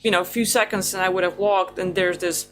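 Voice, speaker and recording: Female host, relaxed casual chat, guitar music underneath. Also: lowish voice, fairly quick. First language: Lithuanian.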